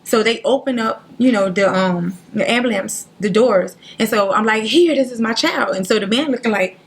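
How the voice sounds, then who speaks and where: A woman, a guest on a talk show, telling a painful personal story in an earnest, halting way, near tears, acting out what others said. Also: medium pitch, breathy edge. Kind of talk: emotional personal story in interview.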